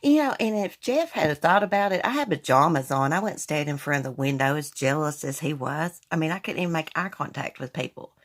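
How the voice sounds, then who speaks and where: A woman's voice: low-pitched, animated, a little fast, hardly any pauses. A woman hosting a casual live chat, candidly telling personal stories to her viewers on a phone stream. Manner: candid, storytelling, addresses viewers as y'all. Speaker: livestream host.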